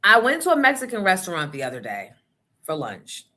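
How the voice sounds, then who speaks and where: A woman hosting a morning show, telling stories in a blunt, profane, animated way. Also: fairly low pitch, fairly quick. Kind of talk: casual opinion talk.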